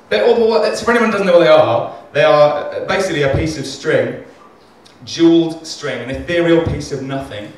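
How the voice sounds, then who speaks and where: A man works through a stand-up set in a club, rambling and self-deprecating, with plenty of swearing. His voice sits a little higher than most men's. He was recorded from far off in a very echoey room, with faint room noise behind him. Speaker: stand-up comedian. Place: comedy club stage.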